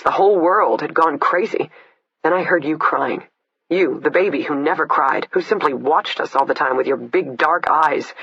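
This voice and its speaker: A man reading the part of a blunt, swearing woman killer, the narrator's imprisoned older sister, in a husky voice. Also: a little high, fairly bright tone, dry recording. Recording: dull lo-fi, dry.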